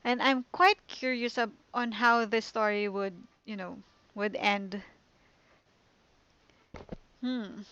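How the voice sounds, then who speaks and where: A woman's voice: a little high, fairly even intonation, slow, pauses often, fairly bright tone, clear, resonant tone, dry recording. Woman streamer, upbeat and thankful, on a dull lo-fi mic. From Philippines. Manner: cheerful, thankful, repeating herself. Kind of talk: casual game stream sign-off.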